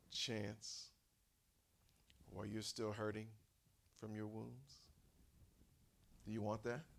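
A man preaching a sermon as a pastor, putting questions to the congregation and calling for amens, moving between quiet asides and loud, high preaching. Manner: emphatic, with questions to the congregation and call-and-response.

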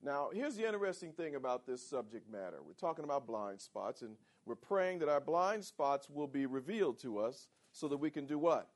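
Animated male pastor preaching. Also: mid-range voice, normal speed, hardly any pauses. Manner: animated, calls for audience responses. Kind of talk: sermon.

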